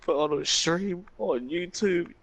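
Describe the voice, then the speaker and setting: A man's voice: high voice, unhurried, dry recording, rough recording. A man in a party chat, teasing his streamer friend with slangy jokes. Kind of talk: casual teasing banter.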